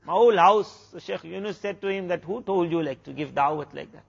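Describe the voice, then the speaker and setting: Higher-voiced man telling a sermon story. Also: a little fast, creaky, slightly rough, lo-fi sound. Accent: South African. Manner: retells a story with many quoted exchanges. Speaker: Islamic preacher.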